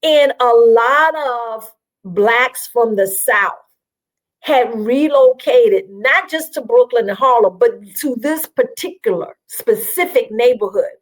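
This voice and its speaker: On an interview show, a guest from South Carolina narrates her story slowly in a slightly high voice. She's chatty and animated, often using fillers, and the recording is rough.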